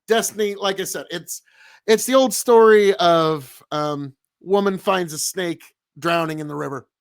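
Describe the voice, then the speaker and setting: Rambling, emphatic male streamer, fairly high voice. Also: unhurried, clear, resonant tone. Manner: rambling, emphatic, repeats points for effect. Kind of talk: live stream commentary reacting to chat.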